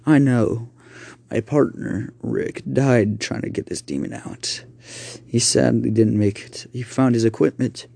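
A man's voice: mid-range voice, fairly even intonation, unhurried, gravelly, warm tone, slightly rough, dry recording. A man voicing a stern male priest and ghost hunter in his late forties, speaking firmly in an amateur spoken story. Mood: solemn.

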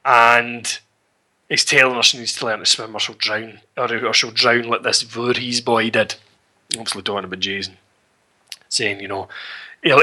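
A man's voice: mid-range voice, sharp tone. A middle-aged man, recapping a film in casual, sweary, rambling chat with chuckles. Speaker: podcast co-host.

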